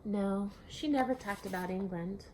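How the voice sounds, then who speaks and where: A woman voicing a lonely, sulky young girl in a high, pleading voice for a storybook reading. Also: normal speed, a little mellow, a little hiss or hum, natural voice. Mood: curious.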